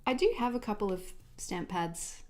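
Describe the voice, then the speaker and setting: A woman's voice: mid-range voice, moderate pace, a little mellow. A woman in her thirties chatting casually and rambling at her home desk while she sets up her journal on a livestream. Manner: chatty, rambling, easily sidetracked. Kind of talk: casual chat while crafting.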